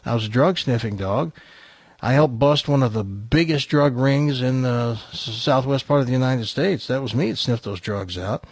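A man's voice: medium pitch, normal speed, a little mellow, husky, dry recording. A man voicing a chatty, boastful eight-year-old male talking dog in a joke. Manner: chatty and coaxing, brags casually.

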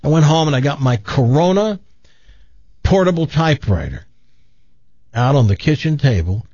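An older man telling stories from his past in a relaxed, self-deprecating way, with a dull, muffled sound. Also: fairly high pitch, normal speed, dry recording. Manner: animated, self-deprecating, acts out quoted voices. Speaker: guest telling his life story. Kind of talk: casual storytelling.

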